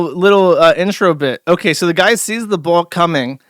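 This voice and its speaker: A man's voice: high-pitched, normal speed, a bit bright, dry recording. A young man hosting a stream, giving crude, sarcastic, mocking commentary from his home setup. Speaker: streamer host. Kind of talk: casual commentary. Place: home studio.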